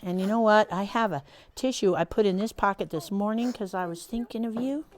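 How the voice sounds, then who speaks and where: A woman trainer leads a session for her staff team, speaking at a medium pitch and a brisk pace. Her instruction is casual and encouraging, sprinkled with frequent fillers.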